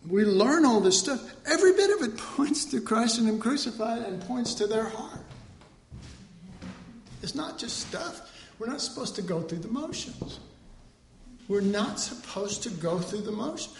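High-voiced preacher, slow and echoey. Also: male voice, sing-song. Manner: conversational, self-correcting, joking asides and mock quotes. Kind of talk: informal sermon.

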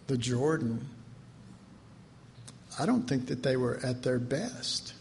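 A man's voice: medium pitch, very animated, slow, creaky, pauses often, darkish tone, soft background music. A man preaching a conversational sermon in a folksy way, laughing often and acting out the voices he quotes.

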